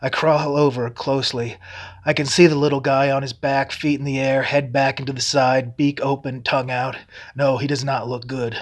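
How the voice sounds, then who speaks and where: A man's voice: medium pitch, normal speed. Man reading his own novel aloud. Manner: first-person narration, steady and descriptive. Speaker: author.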